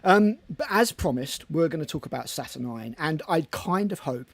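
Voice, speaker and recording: A man's voice: a little high, expressive, moderate pace, vocal fry, dry recording. A man co-hosting a casual hobby podcast, rambling and chatty with casual swearing. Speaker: podcast co-host. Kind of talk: casual chat.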